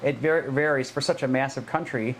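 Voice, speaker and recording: A man's voice: mid-range voice, slight background noise. A man from Chicago with a Chicago accent, hosting a podcast interview and cheering on his guest. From Chicago, United States. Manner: enthusiastic, quick, affirming. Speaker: podcast host. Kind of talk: casual interview chat.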